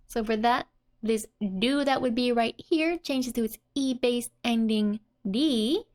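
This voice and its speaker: A young adult woman teaching a language lesson in a casual, explanatory way, giggling often between her explanations. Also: a little high.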